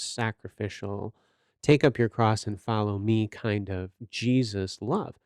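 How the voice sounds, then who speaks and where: A man's voice: mid-range voice, creaky, darkish tone, no echo, clean studio sound. A man hosting a podcast, giving earnest, sermon-like Bible teaching with rhetorical questions and direct exhortation. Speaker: podcast host teaching scripture.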